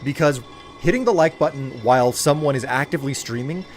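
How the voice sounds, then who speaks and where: A man's voice: medium pitch, brisk, faint music behind. A man streaming a video game live, chatting playfully with viewers and talking to himself as he plays. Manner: chatty, playful, talks to himself while playing. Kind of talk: casual live-stream gameplay commentary.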